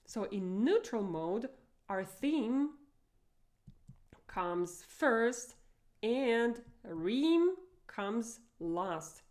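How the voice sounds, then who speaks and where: Slow, careful Russian woman teaching. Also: fairly high pitch, very animated, a little mellow. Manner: slow, clear explanations with stressed example phrases. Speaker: language teacher. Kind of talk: language lesson.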